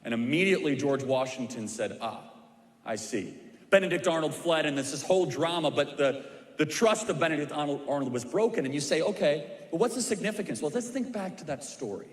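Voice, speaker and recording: A man's voice: on the high side, expressive, fast talker. A man telling a history story to a church crowd with emphatic, repeated punchlines. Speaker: speaker at a church civics event. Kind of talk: preaching a history story to a live audience. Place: large church auditorium. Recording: echoey hall with long reverb.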